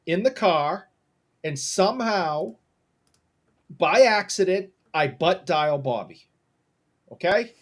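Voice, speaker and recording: A man co-hosting a casual podcast who tells stories in an animated, mock-apologetic way. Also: high-pitched, takes it slowly, long pauses. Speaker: podcast co-host.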